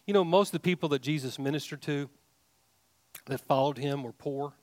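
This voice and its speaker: A man's voice: on the high side, fairly quick, a little mellow, no room sound. A man preaching a sermon, emphatic, with rising questions and frequent restarts. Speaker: pastor.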